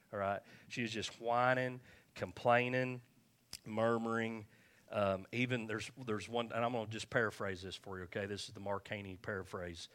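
A man's voice: on the low side, a bit bright. A man preaching a conversational sermon, repeating himself and checking in with his listeners. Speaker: pastor.

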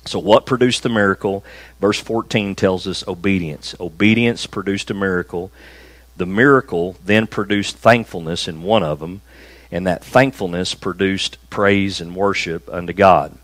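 Low-voiced pastor preaching. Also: male voice, steady tone, dry recording, poor audio. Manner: conversational preaching, slow emphatic stresses on key phrases. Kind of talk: sermon. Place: small church room, also streamed.

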